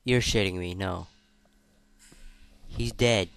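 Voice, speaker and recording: A man playing a video game and chatting about it in casual commentary, swearing freely and reacting loudly. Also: low-pitched, slow, gravelly, clear, resonant tone. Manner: reads game dialogue aloud in between remarks. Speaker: let's player.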